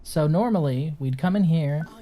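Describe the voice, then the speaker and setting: A man's voice: a little high, moderate pace. Casual man narrating his gameplay. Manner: chatty, excitable, swears casually. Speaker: gameplay streamer.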